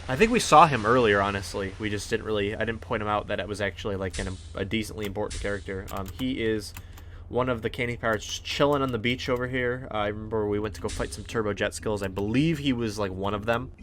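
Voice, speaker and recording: A man's voice: lowish voice, fast talker, few pauses, a bit bright. A man hosting a casual game playthrough, talking in a rambling way with many fillers and restarts. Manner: rambling, lots of fillers and restarts, hums along. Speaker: let's play host. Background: faint game music.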